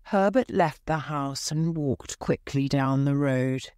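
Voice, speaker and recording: Slow, careful woman narrator. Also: rumbling low, darkish tone, no room sound, studio quality. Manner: slow, careful, clear reading. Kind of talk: scripted storybook narration for learners.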